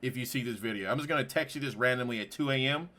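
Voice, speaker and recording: A man's voice: medium pitch, quick pace. Emotional, profane young gaming YouTuber man. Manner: slangy, profane, swings from quiet to shouting. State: shaken and near tears. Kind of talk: emotional let's-play commentary.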